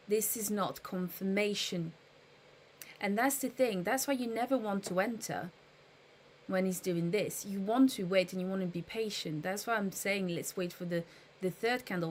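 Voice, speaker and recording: A woman's voice: medium pitch, a little hiss or hum. A woman live streaming in casual chat, thinking aloud and patiently explaining trading to her viewers.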